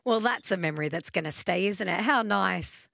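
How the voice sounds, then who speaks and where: Woman radio host, creaky voice. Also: medium pitch, moderate pace, fairly bright tone, no room sound, clean studio sound. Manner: friendly, encouraging, reading quiz questions. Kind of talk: casual phone-in chat.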